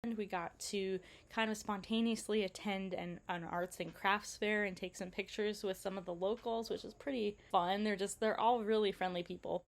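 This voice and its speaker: A woman tells a travel story in a chatty, relaxed way. She acts out what others said in animated quotes. Her voice sits at an ordinary pitch for a woman. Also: moderate pace, hardly any pauses. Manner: chatty, animated retelling with quoted dialogue and laughs. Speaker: travel vlogger.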